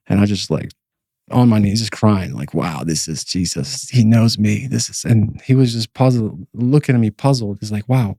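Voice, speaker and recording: Mellow-voiced man telling a rambling story. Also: lowish voice, gravelly, dry recording, clean studio sound. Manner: rambling, many fillers and restarts. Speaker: podcast co-host. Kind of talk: personal testimony storytelling.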